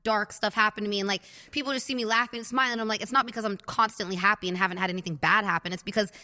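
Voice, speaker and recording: A woman's voice: mid-range voice, fairly even intonation, very fast, pushed and bright. A woman from California's San Fernando Valley hosting a casual chat, telling stories in a bubbly way with constant "like"s and acted-out voices. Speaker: podcast host.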